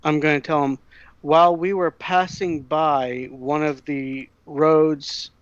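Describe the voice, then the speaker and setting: A man playing a tabletop role-playing game, speaking in character in a measured, deliberate way. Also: on the high side, steady tone, smooth, no room sound, muffled recording. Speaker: player.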